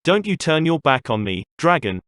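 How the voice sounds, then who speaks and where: A man's voice: fairly high pitch, very animated, normal speed, a bit bright, no room sound, studio quality. A man doing a sneering old nobleman. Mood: haughty.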